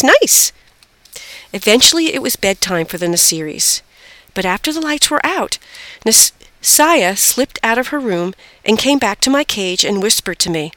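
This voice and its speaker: A woman reading a children's storybook aloud in an expressive voice. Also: dry recording. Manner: expressive, lively pitch. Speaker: storybook reader.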